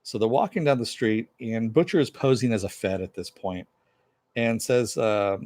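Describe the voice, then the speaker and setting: Brief: male reviewer, lowish voice, loose chatty recap, dry close mic. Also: moderate pace, a little mellow, dry recording. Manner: rambling, with many fillers; answers viewer chat. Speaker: TV show reviewer. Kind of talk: casual episode recap.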